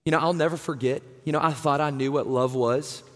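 A man's voice: fairly high pitch, steady tone, brisk, a bit bright. A man, preaching a conversational, earnest sermon. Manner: conversational, earnest, says "right?" and "man" often. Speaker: pastor. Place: church sanctuary. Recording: long hall reverb.

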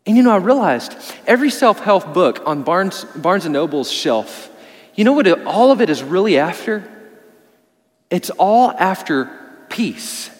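High-voiced preaching man in a reverberant hall. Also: sing-song, a little slow. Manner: preaching with rising and falling emphasis, dropping low and soft to stress points. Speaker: pastor. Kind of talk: sermon. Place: church sanctuary.

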